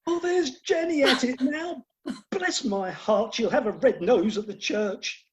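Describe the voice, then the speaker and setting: A woman's voice: fairly high pitch, measured pace, slightly rough. A woman playing a fretful, fussing middle-aged father of the bride in a radio play recorded over a video call. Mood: exasperated. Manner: fussing and exclaiming, theatrical. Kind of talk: Zoom radio play acting. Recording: muffled video-call audio.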